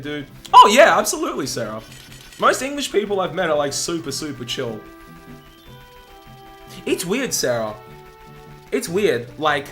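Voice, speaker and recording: A man's voice: fairly high pitch, a bit bright. An Australian man, a speedrun streamer, chatting casually and rambling as he answers his live chat.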